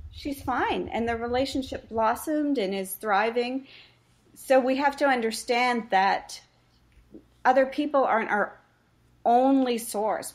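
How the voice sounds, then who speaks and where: A woman face reading practitioner and coach, explaining relationships earnestly in a podcast interview and telling stories about her clients. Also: fairly high pitch.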